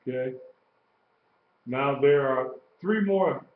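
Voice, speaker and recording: Slow, patient man teaching in a roomy class. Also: medium pitch. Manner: patient, repeats terms and spells them out. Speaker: Hebrew teacher. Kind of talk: classroom lecture, live-streamed. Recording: roomy, dull lo-fi live stream.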